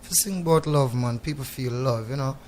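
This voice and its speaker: A man's voice: medium pitch, brisk, darkish tone. Preachy Jamaican man in patois. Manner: preachy and reflective, in patois, often asks "you know what I mean". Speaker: guest reggae artist. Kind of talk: in-studio radio interview. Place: radio studio.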